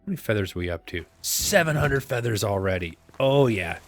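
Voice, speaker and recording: Soft music plays behind a man with a fairly low, very animated voice who talks a little fast. He's a gameplay host giving casual let's-play commentary into a desk microphone, chatty and self-mocking, full of meandering asides.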